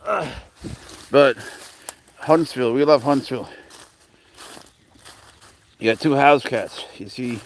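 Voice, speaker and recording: A man's voice: medium pitch, slow pace, gravelly, pauses often, a little hiss or hum. A man casually chatting with viewers on a live stream while walking his pet cat outdoors. He rambles, calls people bro, and his voice jumps up when he coaxes the animal.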